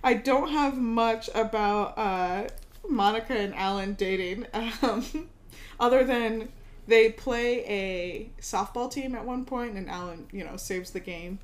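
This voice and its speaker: A woman co-hosting a casual chat, talking in a lively way and laughing often. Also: fairly high pitch, takes it slowly. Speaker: podcast co-host.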